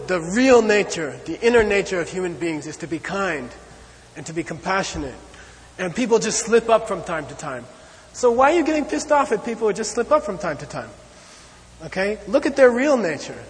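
High-voiced lecturing man, animated. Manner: animated, conversational, with frequent "okay?" and "you know". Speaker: Buddhist teacher. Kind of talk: teaching lecture. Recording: long hall reverb.

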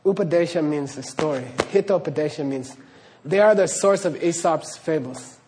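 Earnest spiritual teacher, man, slightly high voice. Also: normal speed, background noise. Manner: earnest, repeats "okay?", laughs while storytelling. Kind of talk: spiritual talk to an audience.

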